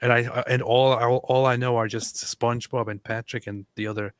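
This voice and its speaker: A man co-hosting a livestream, reading out viewer messages in a halting casual way, often chuckling. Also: mid-range voice, steady tone, smooth. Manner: halting, many fillers and restarts, chuckling. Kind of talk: casual chat.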